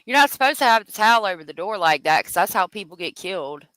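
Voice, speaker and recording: Woman host for unscripted true crime commentary: lively pitch that swings hard, bright edge, swearing and worked-up. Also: fast talker, no echo, rough recording. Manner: profane, exasperated ranting.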